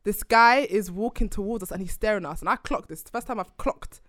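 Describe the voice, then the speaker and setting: Young woman co-host, bright tone, dry close mic, animated storyteller. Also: medium pitch, brisk, dry recording. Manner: animated storyteller, acts out voices. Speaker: podcast co-host. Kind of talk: casual chat.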